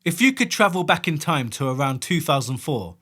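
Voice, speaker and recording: Guy hosting a podcast, higher voice, bouncy intonation, asking questions. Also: big pitch swings, a little fast, bright, forceful tone, husky. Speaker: podcast host. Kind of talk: interview questions.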